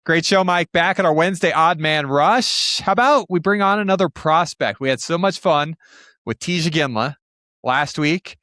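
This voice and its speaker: A man's voice: on the high side, animated, moderate pace, bright, forceful tone, no room sound, clean studio sound. A man co-hosting a sports podcast, upbeat and teasing in casual chat. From Utah. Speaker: podcast co-host.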